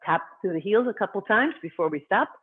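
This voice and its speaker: A qigong instructor guiding a class through movement and breathing, giving calm, short cues timed to the breath. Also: medium pitch, brisk, husky. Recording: tinny phone-like sound.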